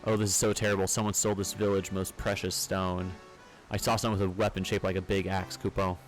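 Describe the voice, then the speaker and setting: A man reads a small fretful moogle creature in a plain, low voice. It frets and blames itself, ending its lines with kupo, over faint game music. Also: level tone, fast talker, close to an everyday voice. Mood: upset. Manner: upset and self-blaming, tacks on kupo.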